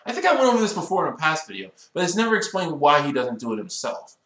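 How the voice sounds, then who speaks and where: A young man in his twenties rants through a cartoon episode review, his voice bright and a little high for a man. His exasperated delivery swings widely in pitch, and the sound carries the echo of a bare room. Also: fast talker. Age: 20s. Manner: exasperated, animated complaining with rising outbursts. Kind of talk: casual ranting episode review.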